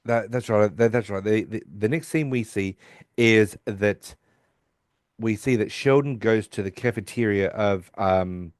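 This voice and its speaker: A man's voice: lowish voice, measured pace, no echo, studio quality. A man hosting a podcast, casually retelling a TV episode in a rambling way with many restarts. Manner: rambling, with restarts and quoted voices. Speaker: podcast host.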